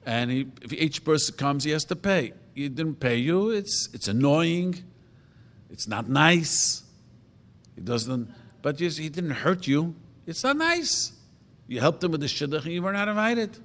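A man's voice: a little high, expressive, measured pace, a bit bright. A man speaking as a rabbi in an informal talk, answering audience questions with rambling stories and frequent self-corrections. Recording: long reverb of a hall.

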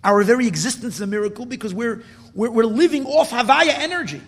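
A high-pitched man gives a Hasidic Torah lecture, pronouncing his with an inflection. He swings from hushed, low reflection to loud, insistent preaching and doubles his words for emphasis. His voice carries a long reverb, as if in a large hall. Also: fast talker. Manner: builds from low, quiet musing to loud, emphatic exhortation; repeats words for stress. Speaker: rabbi teaching Torah.

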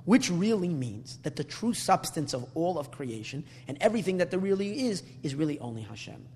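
A man's voice: fairly high pitch, sing-song, a little fast, darkish tone. A man giving a Torah class, earnest and searching for words, often repeating himself and mixing in Hebrew terms. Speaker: rabbi teaching Torah. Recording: long reverb, faint hum.

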